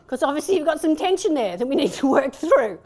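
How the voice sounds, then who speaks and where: A middle-aged woman with a broad Australian accent giving a chatty, animated conference talk in a lecture hall, acting out little dialogues as she goes. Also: high-pitched, a little fast. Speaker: conference speaker.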